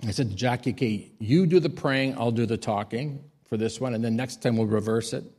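A man, a pastor, giving a sermon: he tells stories in a quiet voice and rises to loud, emphatic high peaks. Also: brisk.

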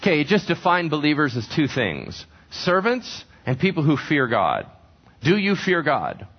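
A man preaching a sermon with a very lively, swooping voice. He keeps putting questions to the congregation and answering them himself. The recording sounds dull and lo-fi. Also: a little high, unhurried, husky. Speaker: pastor. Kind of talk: sermon teaching from scripture.

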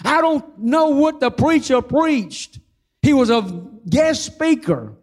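An older man preaching a sermon, giving his own testimony in a fervent, folksy storytelling manner, slowing down to stress key phrases. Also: very high voice, sing-song.

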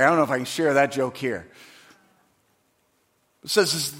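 A male pastor with a medium-pitched voice preaches a sermon, shifting from soft conversational remarks to loud, forceful delivery. When quoting others, he performs their voices with drama.

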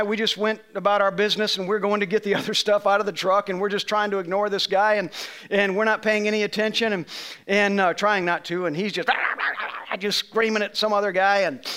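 A man with a high, bright voice tells a story from the pulpit in an easy, chatty way. He turns to people in the room to check the details. It sounds like a pastor at a casual sermon. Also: smooth. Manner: conversational storytelling, asks congregation members questions.

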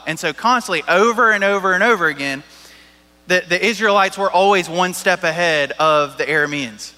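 A man's voice: sits high, moderate pace, bright, forceful tone, big-room sound. A man preaching a sermon as a pastor, talking in a casual, joking way with lots of "like" and "right?".

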